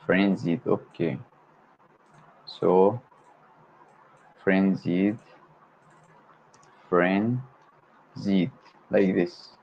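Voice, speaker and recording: A native Arabic speaker learning a language on a livestream repeats vocabulary words slowly, one at a time, in a slow self-study drill. His voice is low, steady, and creaky, and the dull lo-fi home stream carries faint noise.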